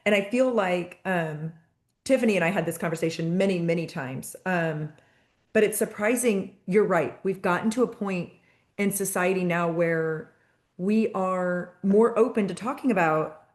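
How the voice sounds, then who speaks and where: A woman's voice: on the low side, moderate pace. Chatty woman moderating a parent chat. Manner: lively storyteller who acts out quoted voices. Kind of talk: casual chat on a video call.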